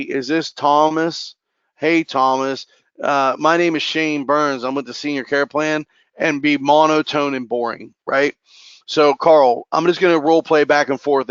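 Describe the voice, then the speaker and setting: A man running a sales training session and role-playing calls, talking in a quick, energetic way. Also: a little high, clean tone, dry recording. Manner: energetic, fast-talking, caffeinated. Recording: muffled lo-fi dry recording.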